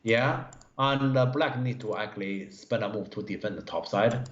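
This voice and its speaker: Halting man reviewing go games. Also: on the low side. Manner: halting, many fillers, broken English grammar. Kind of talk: live-stream game review. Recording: roomy, dull stream audio.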